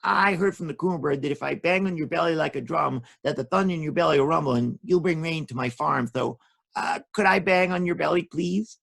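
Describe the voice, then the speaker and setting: A man puts on a shy little rabbit farmer for a storybook tale, pitched a touch higher than his telling voice. The rabbit stammers and hesitates, with a gravelly, husky edge. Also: brisk, a bit bright, full character voice. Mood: timid. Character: timid polite young rabbit farmer.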